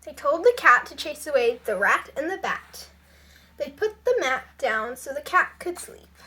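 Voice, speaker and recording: A woman reads a children's storybook aloud, unhurried and careful. Her voice sits very high, and she paces every line slowly. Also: sing-song, bright, forceful tone. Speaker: storybook reader. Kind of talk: reading a children's picture book aloud.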